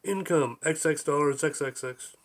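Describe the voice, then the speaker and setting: A man's voice: fairly high pitch, normal speed. A man reading his own book aloud as an audiobook, dry and matter-of-fact. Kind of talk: audiobook narration.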